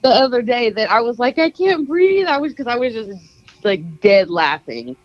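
A woman's voice: a little high, expressive, moderate pace, no room sound, dull audio. A woman chatting casually as a guest, easily amused and laughing along. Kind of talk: casual chat.

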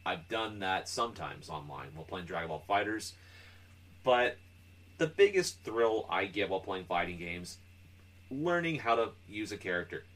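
A man's voice: fairly low pitch, fairly bright tone. A man co-hosting a casual gaming podcast. He explains things loosely, with plenty of filler words. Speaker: podcast co-host. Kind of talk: casual chat.

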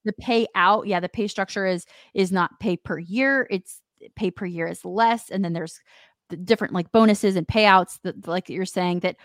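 Woman, sports podcast co-host, casual and conversational, medium pitch, dry close mic. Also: moderate pace, no echo. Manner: conversational, thinks aloud with fillers.

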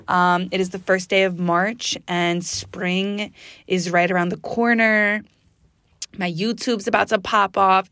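A woman hosts her own motivational podcast in a lively, chatty monologue, and her voice jumps up high when she gets excited. She speaks close to the mic in a dry, echo-free recording. Her pitch sits in a middle range for a woman. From US East Coast. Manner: energetic, chatty, bursts into high exclamations. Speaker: podcast host.

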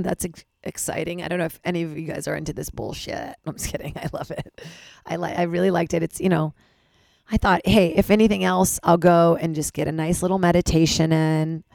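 A woman hosting her own podcast, talking frankly and rambling, swearing and poking fun at herself, with a hoarse voice from losing it. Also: on the low side, darkish tone, no echo, clean studio sound. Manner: frank, rambling, swears freely, self-deprecating. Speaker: podcast host. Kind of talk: candid solo podcast monologue.

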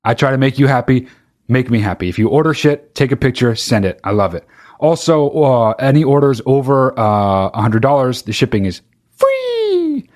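A man's voice: medium pitch, brisk, a little mellow. A man hosting his own podcast, talking in a profane, rambling comedic monologue that keeps interrupting itself. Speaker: podcast host.

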